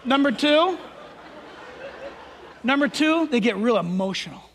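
A male pastor preaching a sermon, emphatic and swinging between loud declarations and hushed asides. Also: very high-pitched, expressive, a little slow, a faint crowd, slight background noise. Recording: long hall reverb.

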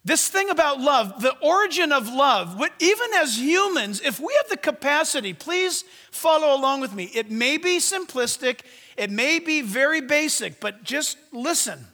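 A man preaching a sermon, swinging from loud commands to hushed asides. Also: extremely high pitch, very animated, moderate pace, in a large hall. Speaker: pastor.

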